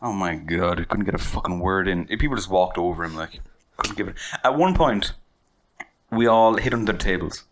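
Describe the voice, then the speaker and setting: Lively, sweary Irish man. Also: sits low, moderate pace, a little hiss or hum. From Ireland. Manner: sweary, jokey, laughs a lot. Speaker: podcast co-host. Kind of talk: casual chat.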